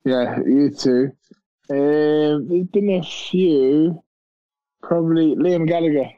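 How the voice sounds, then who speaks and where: A man's voice: a little high, slow pace, dry recording, dull audio. A male boxer guesting on a podcast, talking casually, blunt and swearing, laughing easily. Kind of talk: casual chat.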